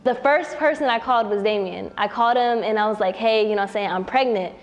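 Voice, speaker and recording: A woman's voice: medium pitch, fast talker, lo-fi sound, soft background music. A young woman telling her personal story in a casual way, often saying "you know what I'm saying" and acting out what others said. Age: young adult. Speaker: young mother interviewed on camera.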